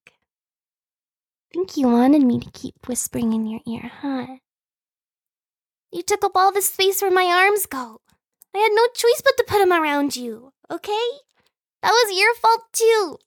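A woman voicing a teasing, clingy adult younger sister in a whispered role-play, with playful breathy whispers and frequent giggles. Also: a little high, unhurried, pauses often, warm tone, no room sound, clean studio sound.

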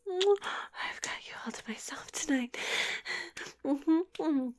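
A woman voicing a domineering, teasing young woman lover in a whispered role-play, talking in breathy murmurs and whispers. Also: high voice, animated, slow, darkish tone.

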